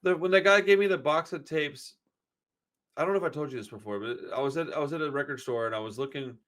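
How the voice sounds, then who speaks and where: Fairly high-pitched and quick, with a slightly bright edge, this is a man in his 40s who hosts a podcast. His casual talk drifts into long, wandering stories packed with curse words and repeated "dude"s.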